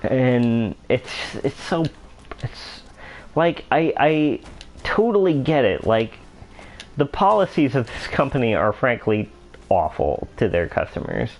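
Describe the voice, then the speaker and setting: A man's voice: mid-range voice, sing-song, slow, low-quality recording. A young man casually commenting on his gameplay while telling a rambling story, talking like a customer support rep. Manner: rambling, chatty storytelling with many fillers. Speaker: let's player.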